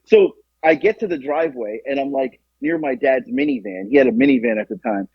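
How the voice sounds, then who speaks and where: A young man co-hosting a podcast, telling a story in a casual, animated way and acting out the quotes. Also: brisk, gravelly, husky, dry recording. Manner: animated, acts out quotes with jumps in pitch. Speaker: podcast co-host. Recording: dull lo-fi, dry.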